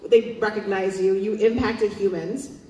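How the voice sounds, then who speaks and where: A woman moderating a convention panel, chatty, with quick asides while asking questions. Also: mid-range voice, fairly even intonation, warm tone. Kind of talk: casual on-stage interview. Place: large convention hall. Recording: echoey hall, mic far off, faint noise.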